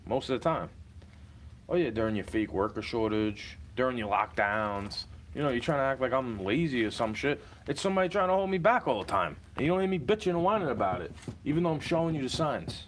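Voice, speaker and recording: A man's voice: mid-range voice, lively intonation, a little hiss or hum. Agitated young man ranting in a car. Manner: agitated, profane, rambling and rapid-fire. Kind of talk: casual ranting monologue.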